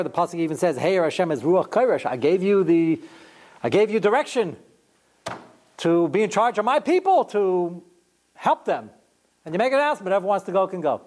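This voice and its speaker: A man with a fairly high voice teaches a Torah class in easy, talky tones. He is animated, his pitch jumps up when he plays out the people he quotes, and he scatters in asides and fillers. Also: fairly quick, a little hiss or hum. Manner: animated, lively rises in pitch, acts out quotes. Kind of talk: informal Torah lesson.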